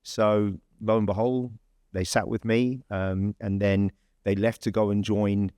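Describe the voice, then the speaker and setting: An English man with a fairly low voice tells a story in a loose, conversational way. He restarts sentences and leans on fillers as he goes. The sound is close and dry. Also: little pitch movement, a little slow, warm tone, clear, resonant tone, no echo. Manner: chatty, rambling storyteller with many fillers and restarts. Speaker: podcast host. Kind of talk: casual anecdote telling.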